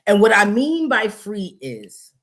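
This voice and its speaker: Animated woman livestream host. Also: medium pitch, slow pace. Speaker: host and interviewer. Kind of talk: casual livestream chat.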